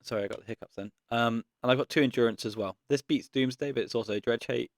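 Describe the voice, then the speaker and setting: A man giving casual gameplay commentary, thinking aloud in a relaxed way with frequent pauses and ums. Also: mid-range voice, no echo, clean studio sound. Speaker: card game content creator.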